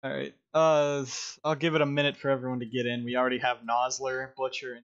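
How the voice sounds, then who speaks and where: A man's voice: mid-range voice, flat delivery, a little fast, fairly bright tone, muffled recording. A man hosting a casual live stream through a headset, rambling and laughing often. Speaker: stream host.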